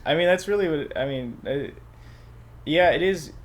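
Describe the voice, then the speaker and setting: A man's voice: fairly high pitch, animated, moderate pace. A man talking in a casual podcast chat as a stand-up comedian guest, loose and rambling with lots of filler and swearing. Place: podcast studio.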